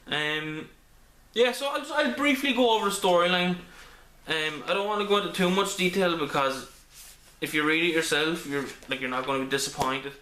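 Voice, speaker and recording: A man's voice: a little high, normal speed, pushed and bright, a little hiss or hum. A man reviewing a comic book in a casual video, rambling with many ums and restarts. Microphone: camera mic. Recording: echoey room.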